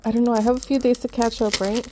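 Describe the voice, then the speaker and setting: A woman vlogger chatting excitedly as she unboxes gift mail, calling out to her viewers often. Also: on the high side, quick pace, noisy background. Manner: excitable, says "guys" constantly. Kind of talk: casual unboxing chat.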